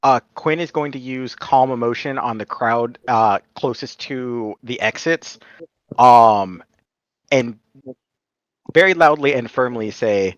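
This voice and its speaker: A man's voice: medium pitch, slow pace, no echo, highs cut off. A man playing a tabletop game, describing his character's move with hesitant fillers. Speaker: player.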